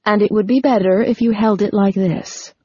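A woman voicing a fussy middle-aged mother who scolds gently in an audiobook. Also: mid-range voice, steady tone, normal speed, slightly rough, no echo, muffled recording, natural voice. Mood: fussing. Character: fussy middle-aged mother, well-meaning but nagging.

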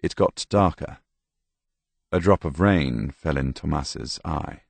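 Slow, gravelly deep-voiced male narrator. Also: no room sound. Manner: measured, deliberate storytelling. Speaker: audiobook narrator. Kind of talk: scripted narration.

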